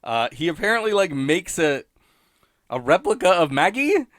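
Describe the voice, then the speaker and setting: A man's voice: on the high side, big pitch swings, normal speed, a bit bright, dry recording, studio quality. Rambling man in wry solo commentary. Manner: rambling, self-interrupting, wry, laughs at own points. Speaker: podcast host reviewing episodes.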